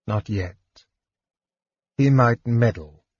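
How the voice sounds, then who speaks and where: A man's voice: medium pitch, extremely slow, a little mellow, slightly rough, no room sound, highs cut off. A man voicing a scheming, irritable dragon in human form in an audiobook, snarling and impatient.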